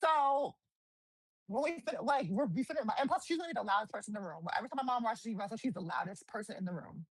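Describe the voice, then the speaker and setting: A woman, a guest wrestler, telling stories in a casual interview, animated, swearing freely and acting out quotes. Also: on the high side, quick pace, breathy edge, no echo, low-quality recording. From New Jersey.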